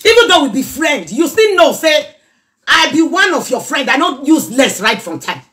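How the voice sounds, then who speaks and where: A middle-aged Nigerian woman chatting casually in a reaction vlog, animated and scolding by turns. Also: sits high, moderate pace. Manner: animated, mixes pidgin and Yoruba, scolding asides. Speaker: social media commentator.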